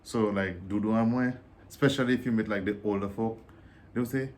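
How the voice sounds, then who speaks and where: A man with a Dominican accent, chatting casually as a guest, explaining at length and getting animated as he talks. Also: normal speed. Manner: animated, explains at length, jumps high when he gets excited. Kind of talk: casual chat comparing dialects.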